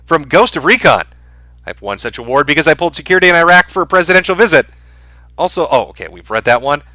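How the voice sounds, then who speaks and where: A man's voice: a little high, lively intonation, fast, sharp tone, no echo. A man hosting a livestream, reading out viewer donation messages and answering each with dry, sarcastic remarks. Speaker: livestream host.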